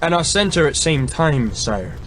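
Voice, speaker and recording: A war-worn old knight answers in a dry, matter-of-fact way, as a male narrator puts him on. His delivery stays level and unhurried. It is read as an audiobook. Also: a little high, big pitch swings, a bit bright, a little hiss or hum, voice pushed up. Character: old veteran English knight, man. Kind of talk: audiobook reading.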